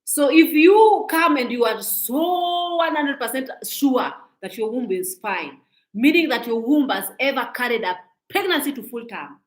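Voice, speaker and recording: A woman's voice: sits high, animated, measured pace, roomy sound, poor audio. A woman in her forties giving a scolding, preachy commentary monologue, repeating her points. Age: 40s. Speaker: social media commentator.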